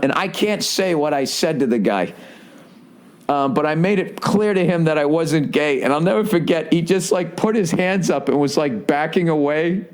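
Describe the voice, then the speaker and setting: A man in his forties rambles through a solo comedy podcast monologue. He swears freely, tosses in "right?" and "you know?" as he goes, and jumps into quick mocking impressions. His voice sits a bit higher than most men's. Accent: Boston. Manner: profane, rambling storytelling, many "right?" asides. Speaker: podcast host.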